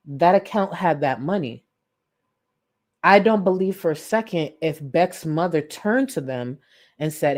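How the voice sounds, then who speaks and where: A woman hosting a live-stream commentary, incredulous and animated, thanking viewers for donations between points. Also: sits low, measured pace. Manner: animated, incredulous, thanks chat donors warmly. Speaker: commentary YouTuber.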